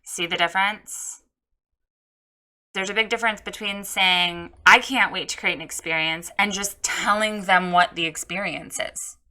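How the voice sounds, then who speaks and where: A woman's voice: mid-range voice, fairly even intonation, unhurried, bright, forceful tone. A woman coaching a photographer on her website in a casual spoken critique, frank and direct.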